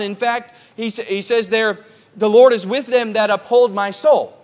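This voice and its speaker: A man with a high voice preaches a sermon at a church prayer service. He teaches in a plain, conversational way and drives his points home by repeating them with earnest emphasis. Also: normal speed. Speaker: pastor.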